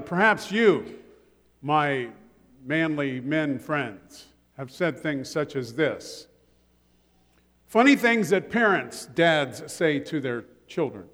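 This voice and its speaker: A man's voice: fairly high pitch, fairly bright tone. An older man preaching a sermon as pastor, telling humorous stories and joking with his congregation. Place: church sanctuary. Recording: long church reverb.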